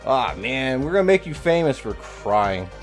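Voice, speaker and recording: A man's voice: medium pitch, very animated, normal speed, faint music behind. A man hosting a live game stream in casual chat, playful and teasing as he works the stream. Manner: playful, teasing, talks while working the stream. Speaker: streamer host.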